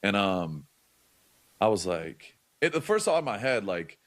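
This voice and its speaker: Young man, low register, casual profane storyteller, lots of fillers. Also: big pitch swings, a little slow. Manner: loose, profane, many likes and restarts. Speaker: podcast guest.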